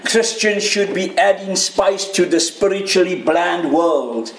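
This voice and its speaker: A man preaching a sermon as pastor, lively and playful, sometimes mimicking a shouting voice. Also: sits high, a little slow, a little hiss or hum. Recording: echoey room.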